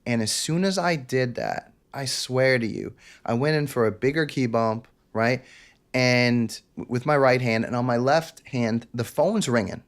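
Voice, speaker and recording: A man's voice: mid-range voice, a little slow. Intense New man telling his story. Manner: intense, confessional, acts out quotes. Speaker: podcast guest. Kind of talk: candid interview storytelling.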